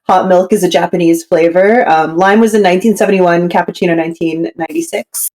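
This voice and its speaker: A woman from Canada, chatty and quick to laugh, reading out trivia quiz questions. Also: fairly low pitch, a little mellow. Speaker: quiz host. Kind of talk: casual chat.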